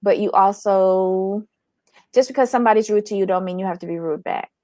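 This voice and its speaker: A woman's voice: medium pitch, fairly quick, dark tone, no room sound. A woman in casual podcast commentary, blunt and opinionated, with a mid-range voice. The sound is dry and close, with no room around it. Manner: frank, opinionated, laughs easily. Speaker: podcast co-host.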